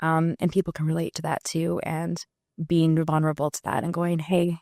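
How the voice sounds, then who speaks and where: A woman's voice: low voice, completely flat delivery, moderate pace, warm tone, no room sound, clean studio sound. A woman musician speaking candidly and reflectively in a casual interview, with many fillers. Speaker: musician guest.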